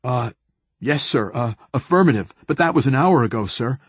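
A man's voice: mid-range voice, expressive, moderate pace, slightly rough, no echo, voice pushed up. A man voicing a young male Marine lieutenant who stammers and hesitates under pressure. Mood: flustered.

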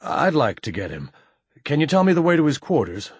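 A man voicing a composed male diplomat who speaks in a measured, formal way in an audiobook reading. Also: lowish voice, lively intonation, husky, no room sound. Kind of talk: audiobook character voice.

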